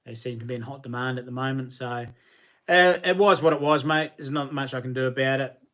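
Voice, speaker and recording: A man with a New Zealand accent, a knife maker chatting casually on a livestream and answering viewers in a relaxed, colloquial way. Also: medium pitch, a little fast.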